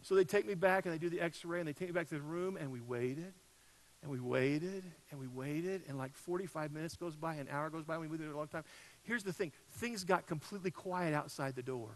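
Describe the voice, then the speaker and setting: A man preaching a sermon, telling a personal story in a conversational way, with loud peaks and soft drops. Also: a little high, brisk, low-quality recording. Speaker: pastor.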